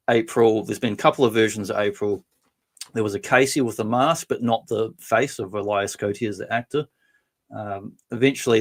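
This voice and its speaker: Casual Aussie guy hosting a toy live stream, lowish voice, rambling and chatty. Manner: rambling and chatty, answers viewer comments.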